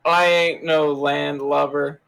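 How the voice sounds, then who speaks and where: Male tabletop player, casual and jokey, slow delivery. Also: a little high, level tone, creaky, fairly bright tone, clean tone, poor audio. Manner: jokey, slangy. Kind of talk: casual tabletop role-play.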